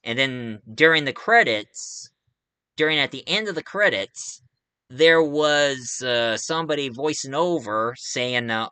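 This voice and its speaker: Bright, clear-voiced rambling male reviewer. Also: medium pitch, expressive, measured pace, no room sound. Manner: rambling, with frequent "uh" fillers. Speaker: movie reviewer. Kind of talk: casual spoken film review.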